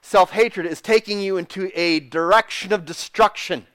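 A man's voice: high-pitched, normal speed, a bit bright, clean tone, dry recording. A man preaching a sermon, earnest and emphatic, repeating phrases and restarting mid-thought. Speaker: pastor.

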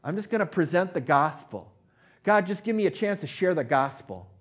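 A man preaching an earnest teaching sermon, repeating key phrases and swelling louder on them. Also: high voice, animated, normal speed. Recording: dull lo-fi recording.

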